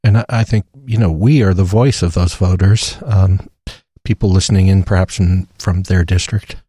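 An older man with a lowish voice speaks slowly and carefully in a casual discussion. He often restarts his sentences. The sound is close and dry. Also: fairly even intonation, dark tone, breathy edge, dry recording. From Florida. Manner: measured, hesitant restarts.

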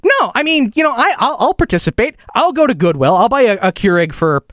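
Animated talk radio host man. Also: extremely high pitch, no room sound, clean studio sound. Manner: animated, joking, quick asides. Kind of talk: casual talk radio chat.

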